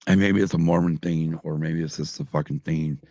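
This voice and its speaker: A man's voice: very deep voice, fairly even intonation, a little fast, mellow, no echo, clean studio sound. A middle-aged man hosting a podcast live stream, rambling and swearing constantly while drinking. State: drinking, tipsy. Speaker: podcast host. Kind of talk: casual live-stream chat.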